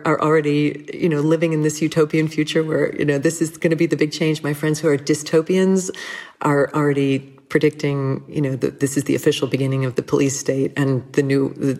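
A middle-aged woman speaking as an interview guest, earnest and reflective, with soft laughs and small restarts. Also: low-pitched.

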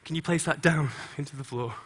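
A middle-aged choreographer on a conference stage, speaking to an audience and directing dancers with quick instructions and rhythmic sound cues. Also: male voice, on the high side, husky, long reverb tail. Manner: encouraging, energetic coaching.

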